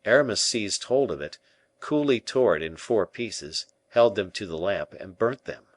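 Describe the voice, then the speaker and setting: Deep-voiced male audiobook narrator. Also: expressive, moderate pace, no room sound. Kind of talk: scripted narration.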